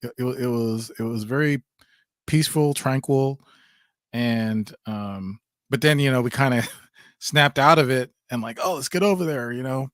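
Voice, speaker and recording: A man guest answering questions in a halting, soft-spoken way, restarting his sentences often. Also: mid-range voice, no echo, clean studio sound. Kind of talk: casual interview answers.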